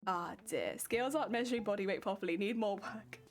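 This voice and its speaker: A woman's voice: mid-range voice, quick pace, soft background music. A young woman from Wales chatting casually on a livestream while ironing fabric, reading chat aloud and laughing often. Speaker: craft streamer.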